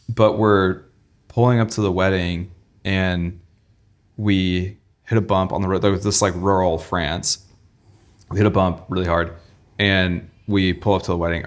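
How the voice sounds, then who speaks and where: A young man with a deep voice, speaking at a normal speed, co-hosts a podcast and casually retells a travel mishap. His rambling, animated story is packed with quoted back-and-forth dialogue.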